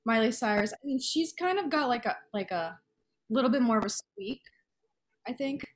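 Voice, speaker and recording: A woman's voice: a little high, lively intonation, moderate pace. A woman co-hosting a casual chat, talking loosely and trailing off mid-sentence. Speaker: podcast co-host.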